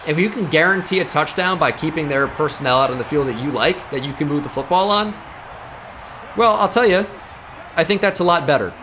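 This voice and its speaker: A man hosting a gaming video, joking and commentating on his gameplay, shouting out big plays. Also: fairly high pitch, a little fast, a little hiss or hum. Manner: excitable, jokey, breaks into shouted play-calls.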